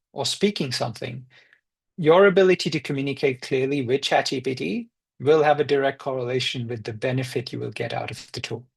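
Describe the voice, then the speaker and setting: A man leading a live online software demo on a video call, explaining each step in turn. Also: mid-range voice, vocal fry, breathy edge. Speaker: trainer.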